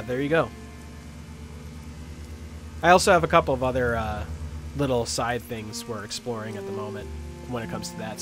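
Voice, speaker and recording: A man streaming a video game, chatting casually with lots of fillers as he plays. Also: medium pitch. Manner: rambling, with many fillers. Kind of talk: casual gaming commentary.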